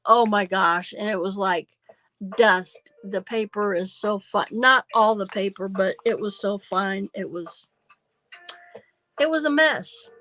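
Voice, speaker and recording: An older woman in her seventies chats slowly through a crafting livestream. She rambles and thinks aloud as she works. Faint background hiss and small clicks sit under her voice. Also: medium pitch, a bit bright, low-quality recording. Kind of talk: casual crafting chat.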